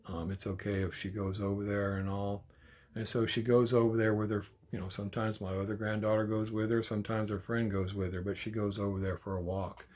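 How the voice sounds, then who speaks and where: An older man, a grandfather, telling a story in a casual, animated way, with swearing and acted-out quotes. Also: on the low side. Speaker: channel host.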